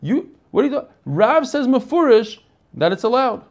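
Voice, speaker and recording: Man, high voice, American, Talmud lecture, singsong text reading, casual English explanations. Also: big pitch swings, moderate pace. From United States. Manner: informal, chatty asides to the class. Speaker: Talmud teacher.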